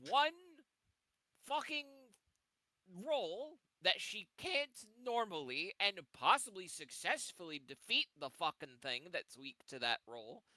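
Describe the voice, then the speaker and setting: A man's voice: high voice, sing-song, slow, pushed and bright, no room sound, low-quality recording. A man playing a tabletop game, insistently explaining his character's reasoning and swearing casually. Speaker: player.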